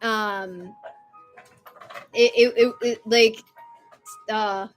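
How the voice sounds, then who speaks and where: A woman in her twenties chatting casually and rambling on a live stream, loud at times. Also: a little high, fairly even intonation, very slow, faint music behind.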